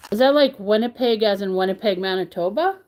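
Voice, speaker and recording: A woman's voice: mid-range voice, a little fast, a little mellow. A middle-aged woman, chatting casually on her crochet livestream and greeting viewers by name as she reads the chat. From Canada.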